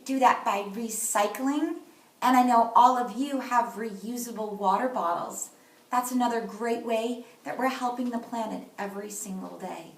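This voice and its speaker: A woman teaching a kindergarten class remotely, speaking slowly and clearly. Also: a little high, recorded from a distance. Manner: slow, clear, instructive delivery. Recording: echoey room, voice from off-mic.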